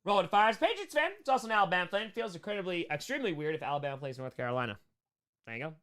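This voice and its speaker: A man's voice: high voice, expressive, pushed and bright. A young man hosting a casual live-stream Q&A, reading chat questions and rambling through jokes and asides. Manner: joking, rambling, quick asides.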